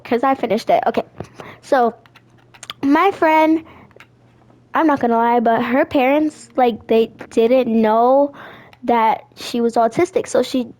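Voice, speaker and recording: A teenage girl telling a sassy, animated story while chatting over her gameplay. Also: on the high side. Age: teens. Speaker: gaming vlogger.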